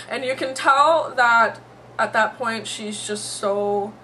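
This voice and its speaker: Young woman vlogger, teary and emotional, rambling, bright tense voice, faint background hiss. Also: on the high side, slow, poor audio. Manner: emotional, rambling, heavy on "like" and "you know". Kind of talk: casual vlog commentary. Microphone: camera mic.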